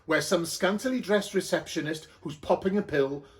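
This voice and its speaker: A Welsh man reads a cheeky comic story aloud. His voice sits fairly high for a man. He delivers it with a playful, mischievous manner. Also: moderate pace. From Wales.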